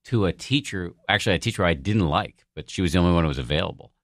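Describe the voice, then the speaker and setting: A man's voice: sits low, expressive, racing, no room sound, studio quality. A man guesting on a podcast, telling a personal story in a candid, self-deprecating way with the odd swear word. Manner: frank and profane, self-deprecating.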